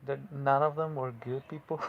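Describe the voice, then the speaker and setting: A man's voice: medium pitch, fairly even intonation, unhurried, narrow, tinny audio. A man casually recapping and reviewing a TV episode, rambling and sarcastic with plenty of slang and fillers. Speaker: video host recapping a TV episode.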